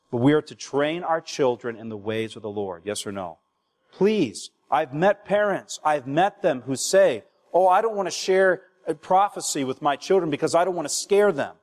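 A young male pastor preaching a sermon, urging the congregation and asking them for replies. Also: fairly high pitch. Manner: exhorting, asks the congregation for replies. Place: church hall. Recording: long reverb of a church hall.

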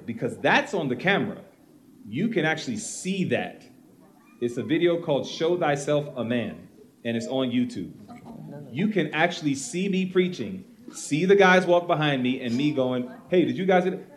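A pastor tells a story from his ministry during a panel Q and A. He speaks in a mid-pitched voice that rises and falls a great deal, acting out the voices of the people in his story. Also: expressive, normal speed, slight background noise.

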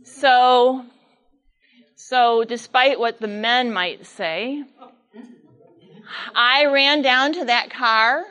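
A woman giving a sermon talk, telling a story in a lively, animated way with asides to the congregation. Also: a little high, very slow, long pauses, clear, resonant tone, muffled recording. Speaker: speaker at church.

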